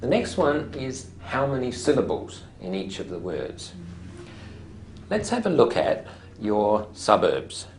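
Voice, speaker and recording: A language teacher explaining syllable stress to a class, modelling words slowly and deliberately, and prompting students with short questions. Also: mid-range voice, very animated, darkish tone, slight background noise.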